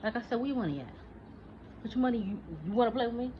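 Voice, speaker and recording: A woman in her forties rants through a casual, profane, heated monologue, snapping back at a listener who isn't there. Her voice sits a little high and is expressive, and she races along. The lo-fi recording sounds dull, with faint noise.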